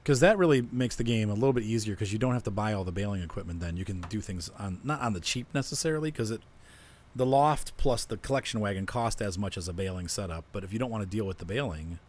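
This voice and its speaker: A man's voice: fairly low pitch, fast talker, a little mellow, a little hiss or hum. A man hosting a co-op farming game, casually explaining his plans as he plays. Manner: explains plans while playing. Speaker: let's-play host. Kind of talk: casual gameplay chat.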